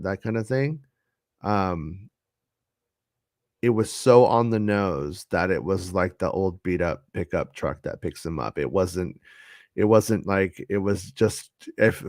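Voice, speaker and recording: Casual podcast host: a deep-voiced man, halting, dry close mic. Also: dry recording. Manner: hesitant, many restarts and fillers. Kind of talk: casual chat.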